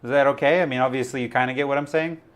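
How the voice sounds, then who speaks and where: A man's voice: medium pitch, fairly even intonation, racing, a little hiss or hum. A man hosting a crypto live stream, talking in a rambling, chatty way full of fillers. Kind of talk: casual live-stream chat.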